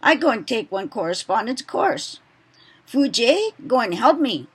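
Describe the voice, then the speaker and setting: A woman's voice: a little high, sing-song, slow pace, slightly rough, full character voice. A woman voicing a brash young male plantation worker, reading his lines out in local pidgin. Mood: defiant. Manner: reads quoted dialogue in local pidgin.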